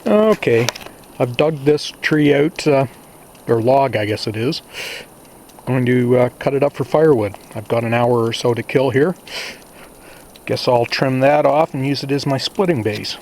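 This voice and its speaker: Slow-talking man at his cabin. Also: mid-range voice, a little mellow, a little hiss or hum. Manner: slow, plain-spoken, talking to himself with sighs and asides. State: out of breath. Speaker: cabin owner filming his visit. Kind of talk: casual vlog narration. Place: small off-grid cabin and the woods outside.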